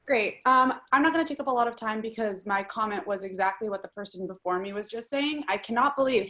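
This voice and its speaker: Scolding woman, slightly high voice, exasperated. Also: fast talker, hardly any pauses, bright, forceful tone. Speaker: public commenter. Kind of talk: public comment.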